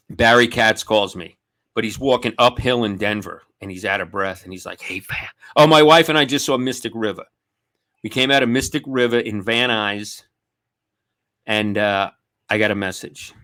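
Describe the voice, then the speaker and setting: A man's voice: fairly low pitch, normal speed, pauses often, sharp tone. A man with a New York accent telling a story animatedly on a video call, swearing and acting out quoted voices. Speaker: comedian guest. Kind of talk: casual storytelling chat.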